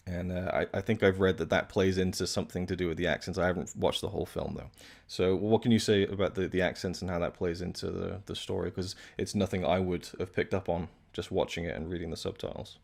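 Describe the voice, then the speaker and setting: A man's voice: low-pitched, fairly even intonation, quick pace, creaky, darkish tone. A man hosting a casual film discussion, inquisitive and posing questions to his guest. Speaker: host.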